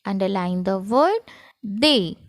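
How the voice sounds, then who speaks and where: A woman teacher with an Indian English accent, talking children through a grammar lesson in a slow classroom manner. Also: mid-range voice, expressive, no echo. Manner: slow, sing-song classroom delivery. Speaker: school teacher.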